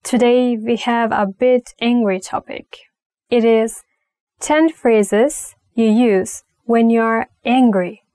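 Slow-paced woman teaching language phrases. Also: a little high, steady tone, warm tone, no echo, studio quality. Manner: slow, careful phrase-by-phrase teaching with light laughs. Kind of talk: online language lesson.

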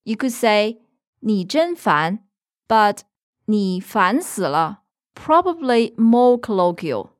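A woman's voice: mid-range voice, big pitch swings, takes it slowly. A woman teaching on a language lesson podcast, patiently explaining and giving example sentences, recorded in a studio. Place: studio in Beijing.

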